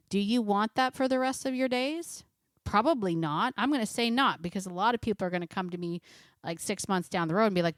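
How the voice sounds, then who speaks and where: A middle-aged woman dog trainer giving a casual, lively lesson full of rhetorical questions. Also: medium pitch, moderate pace, dry recording, clean studio sound. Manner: lively, conversational, asks many rhetorical questions. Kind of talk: casual instructional talk to camera.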